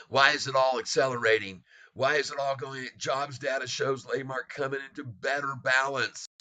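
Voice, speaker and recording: A man hosts a live stock market commentary with a bright, forceful voice. He reads out ticking prices and mocks the short sellers, laughing often. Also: mid-range voice. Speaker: stock market livestream host.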